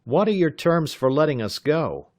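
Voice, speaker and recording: A man's voice: fairly high pitch, very animated, normal speed, darkish tone, pitched above the performer's own voice. A man voicing a young inventor hero in an audiobook, speaking firmly and in clipped phrases. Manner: clipped, firm. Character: young male inventor, cool-headed hero.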